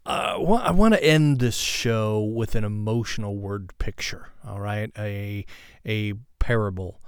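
A man's voice: fairly low pitch, a little slow, smooth, dry recording, clean studio sound. A man hosting a show, talking reflectively about faith and checking in with "right?". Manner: thoughtful, with many restarts and "right?" tags. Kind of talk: reflective spiritual talk.

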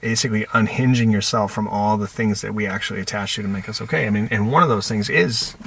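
Husky, reflective man telling stories. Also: fairly low pitch, quick pace, fairly bright tone. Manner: reflective, tells anecdotes with quoted dialogue. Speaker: podcast guest, counselor. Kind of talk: conversational podcast talk.

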